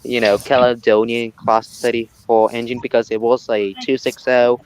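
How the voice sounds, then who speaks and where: A man chatting casually with a friend, laid-back and chiming in with quick reactions. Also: mid-range voice, flat delivery, a little mellow, a little hiss or hum, poor audio. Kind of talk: casual chat.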